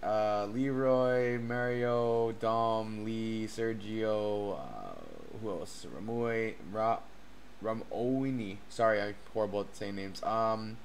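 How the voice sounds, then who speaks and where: A man hosting a casual livestream as a cryptocurrency educator, excitable and chatty, laughing often and swearing casually. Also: on the low side, slow, creaky, slight background noise. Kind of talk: casual live-stream chat. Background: faint background music.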